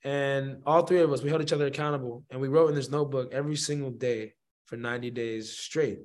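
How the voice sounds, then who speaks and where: A man, a musician guest, telling a story in a slangy, rambling and animated way. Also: mid-range voice, fast. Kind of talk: casual storytelling.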